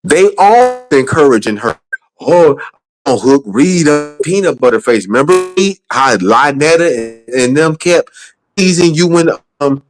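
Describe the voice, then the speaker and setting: A man's voice: a little high, big pitch swings, a little slow, rough recording. A man hosting a livestream talk show, talking in a heated, accusing way and repeating himself. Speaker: show host.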